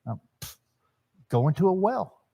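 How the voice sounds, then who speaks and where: A man's voice: high-pitched, very animated, normal speed, gravelly, husky, dull audio. A middle-aged man teaching at a church marriage seminar, talking conversationally and acting out bits of dialogue. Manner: conversational, acts out quoted dialogue, repeats words.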